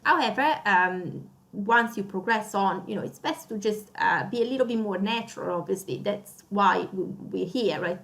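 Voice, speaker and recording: A woman's voice: mid-range voice, vocal fry, a bit bright. A woman with an Italian accent, a native Italian speaker, teaching a beginner grammar lesson and repeating example phrases with strong emphasis. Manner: explanatory, repeats examples with stressed emphasis, frequent uh fillers.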